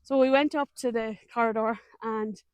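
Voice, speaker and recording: A woman's voice: fairly high pitch, fairly even intonation, normal speed, a little mellow, clear, resonant tone, no echo. A woman in her thirties with an Irish accent, a guest animatedly telling a personal story in a casual, colloquial way.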